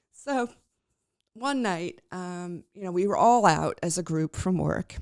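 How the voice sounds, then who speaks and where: A woman's voice: fairly low pitch, darkish tone, clean tone, no room sound, studio quality. A woman podcast host telling a personal story in a chatty, rambling way, with many fillers and restarts.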